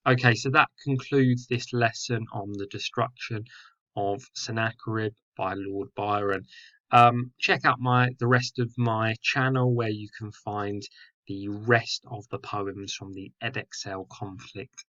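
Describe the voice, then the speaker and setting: A man's voice: lowish voice, steady tone, a little slow, a bit bright, muffled recording. A man teaching a poetry lesson, explaining patiently with fillers and self-corrections. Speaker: English teacher.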